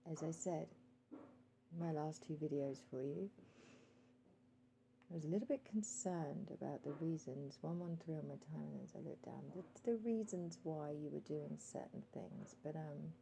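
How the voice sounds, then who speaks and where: A woman vlogger delivering a heartfelt monologue straight to camera, addressing her listener respectfully as sir. Her voice is low, dark and gravelly with plenty of fry. She hesitates often and checks her timer aloud between thoughts. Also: normal speed, a little hiss or hum, rough recording. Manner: calls out timer readings while talking.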